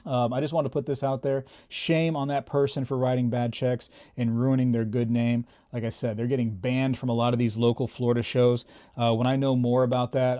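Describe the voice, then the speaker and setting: A man's voice: medium pitch, mellow. A man hosting his own coin channel, chatting casually to camera with lots of fillers and emphatic warnings. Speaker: YouTube coin and bullion channel host.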